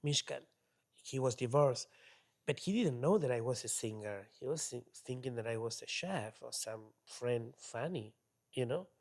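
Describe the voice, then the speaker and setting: An Argentine man speaks English as a second language, with his native Spanish plain in every phrase. He is a guest on an interview, telling stories animatedly and acting out what others said. His voice sits at an ordinary middle pitch for a man. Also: moderate pace. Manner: animated storyteller who acts out other people's speech; broken, non-native English grammar. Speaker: guest, opera tenor. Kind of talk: casual interview storytelling.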